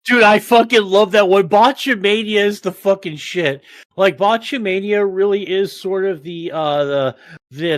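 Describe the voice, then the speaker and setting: A man hosting a podcast in casual chat, swearing constantly and rambling in an animated way. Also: a little high, no echo. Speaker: podcast host.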